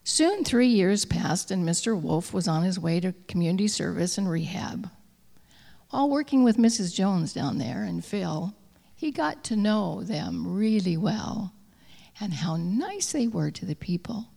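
A woman telling a story aloud, reading slowly and often dropping to a soft whisper. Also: medium pitch, expressive, vocal fry, in a large hall.

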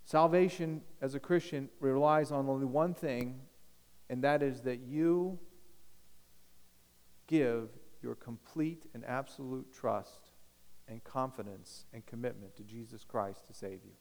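A man preaching a sermon as pastor, emphatic, swinging from loud declarations to hushed appeals. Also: mid-range voice, measured pace, big-room sound.

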